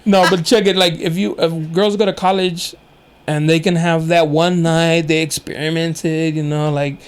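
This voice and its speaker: Host, male, young adult, slightly higher-pitched voice, lively storyteller who does quoted voices. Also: normal speed, clean tone. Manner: animated storyteller, acts out quoted voices, laughs often. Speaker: podcast host. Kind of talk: casual chat.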